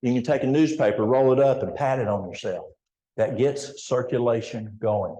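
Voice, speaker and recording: An older man with an East Tennessee Appalachian accent gives a folksy health seminar in a church, speaking directly to the audience. His mid-range voice has a dark tone and a moderate pace, and the sound is roomy.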